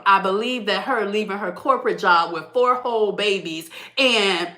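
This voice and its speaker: A woman in her thirties hosts her weekly live stream and talks straight to her viewers. Her voice is bright and forceful, with a preachy, motivational push, and she keeps calling them baby and y'all between laughs. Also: medium pitch, normal speed, few pauses. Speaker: content creator hosting a weekly live stream.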